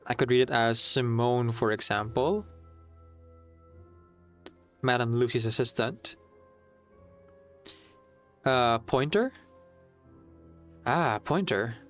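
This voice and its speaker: A man's voice: medium pitch, slow, long pauses, fairly bright tone, soft background music. A young man chatting casually on a live stream, reading chat aloud, a bit nervous and laughing.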